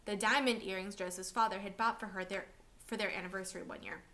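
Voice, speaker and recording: Woman reading a novel out loud, bright crisp voice, steady storytelling. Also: medium pitch, fast talker. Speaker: reader of a novel for a class. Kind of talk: novel read aloud.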